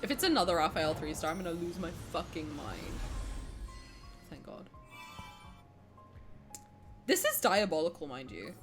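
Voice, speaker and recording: A young woman live-streaming a game and chatting with viewers, excitable and dramatic, swearing and laughing between outbursts. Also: on the low side, a little slow, pauses often, music in the background.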